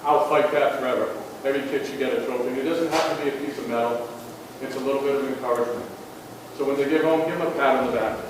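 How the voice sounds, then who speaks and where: A man's voice: mid-range voice, fairly even intonation, fast, background noise. A man giving an earnest motivational talk to parents, telling stories and checking in with "okay?". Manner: earnest, storytelling, frequent "okay?" check-ins. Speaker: school athletics speaker. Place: school auditorium. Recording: echoey hall from far off.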